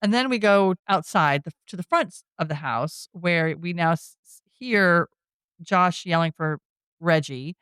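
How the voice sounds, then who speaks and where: A woman podcast host casually retelling a film plot, chatty and quick to laugh. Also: lowish voice, fairly bright tone, clean tone, no echo, clean studio sound.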